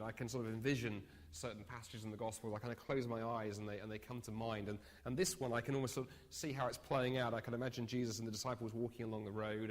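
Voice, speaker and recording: A man leads a training session, spinning a vivid story with dry, self-mocking humor. His voice sits at an ordinary middle pitch. A long hall echo hangs on his words. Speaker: speaker. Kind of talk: evangelism training talk. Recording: echoey hall sound.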